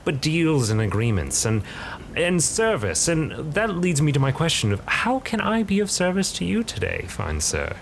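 A scheming spirit merchant, put on by a man, talks in a silky, catlike purr that swings widely in pitch. He stays mock-polite and smooth. A low rumble of noise sits faintly behind him. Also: wildly swooping pitch, normal speed, full character voice.

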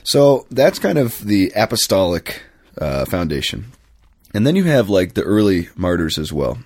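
A man's voice: sits low, very animated, normal speed, darkish tone, dry recording, studio quality. A man who is a priest, chatting casually on a podcast and telling rambling stories with plenty of fillers and self-corrections.

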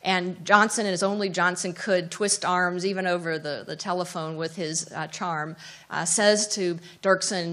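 Woman, middle-aged, professor, seminar talk, anecdotal, somewhat low voice, restarts and fillers. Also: fairly even intonation, a little slow, fairly bright tone. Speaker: professor of presidential studies.

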